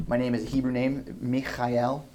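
A male pastor delivering a sermon, reading scripture aloud, rising into loud emphatic questions and dropping to soft asides. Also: medium pitch, normal speed, a little hiss or hum. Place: church hall with a ceiling.

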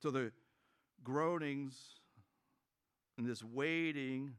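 A man's voice: mid-range voice, moderate pace, fairly bright tone. A man preaching a sermon as pastor, conversational and joking, acting out quoted voices.

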